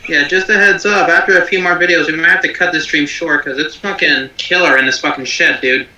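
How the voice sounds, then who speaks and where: A man's voice: a little high, steady tone, brisk, bright, forceful tone, roomy sound, distant mic, poor audio. A man hosting a reaction stream from a shed, chatting casually and swearing a lot. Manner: laid-back, swears a lot. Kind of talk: casual chat.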